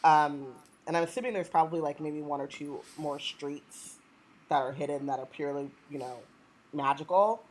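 A woman co-hosting a casual book chat, thinking out loud with lots of fillers. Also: low-pitched, normal speed, low-quality recording. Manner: rambling, filler-heavy, playful. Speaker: podcast co-host.

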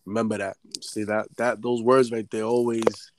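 A man chatting casually about music in a low-key, laid-back way. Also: little pitch movement, normal speed, slight background noise.

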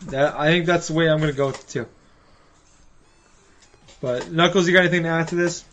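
A man hosting a casual gaming podcast, briskly steering the topics. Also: a little high, steady tone, fairly bright tone. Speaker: podcast host. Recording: dull lo-fi mic with faint hiss.

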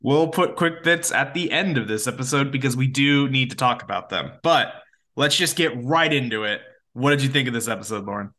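A man's voice: medium pitch, expressive, a little fast, bright, forceful tone. A man co-hosting a podcast in casual chat, teasing and telling stories with acted-out quotes, swearing now and then. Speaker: podcast co-host.

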